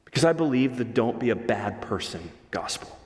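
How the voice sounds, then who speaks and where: A man's voice: mid-range voice, very animated, moderate pace. A man preaching a sermon as pastor to his congregation, emphatic and swinging his pace for emphasis. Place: church sanctuary. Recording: reverberant hall.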